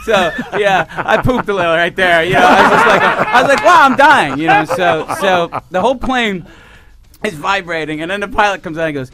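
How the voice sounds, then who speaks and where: A man in his forties telling a comic story as a radio guest, animated and laughing, acting out other voices. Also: high-pitched, fairly quick. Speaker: comedian guest. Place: radio studio.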